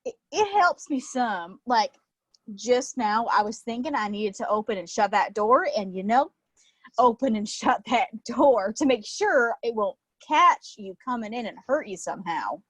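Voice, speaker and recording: A woman's voice: on the high side, expressive, a little slow, a bit bright, dry recording. A woman playing a nervous young man with OCD who stammers and talks in a folksy, put-on Texan drawl, in a live play reading.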